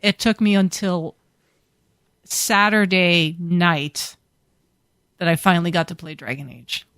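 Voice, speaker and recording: A woman's voice: lowish voice, slow, fairly bright tone, clean tone, dry recording, clean studio sound. A woman co-hosting a podcast, telling a rambling story in casual chat with loose fillers and some swearing. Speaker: podcast co-host.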